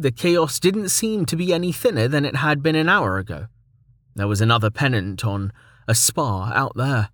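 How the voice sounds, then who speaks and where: A man narrating a fantasy web novel as an audiobook in a steady storytelling manner. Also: medium pitch, dry recording, clean studio sound. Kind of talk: scripted narration.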